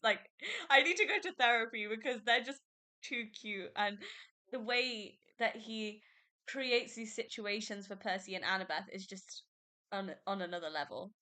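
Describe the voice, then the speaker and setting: A young woman hosting a book podcast, chatting through chapters in a gushing, excitable way with frequent laughs and fillers. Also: medium pitch. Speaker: podcast host. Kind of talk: casual book review chat.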